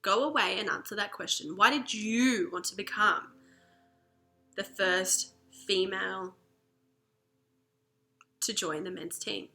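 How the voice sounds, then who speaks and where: A woman's voice: mid-range voice, slow pace, pauses often, sharp tone, soft background music. A woman doing a soothing, patient sister. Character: calm, encouraging older sister.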